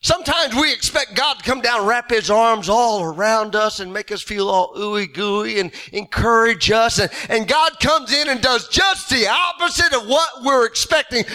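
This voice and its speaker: A male preacher with a very high, bright voice delivers a sermon. He speaks with fervor and swells into shouted emphasis to drive his points home. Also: normal speed, few pauses.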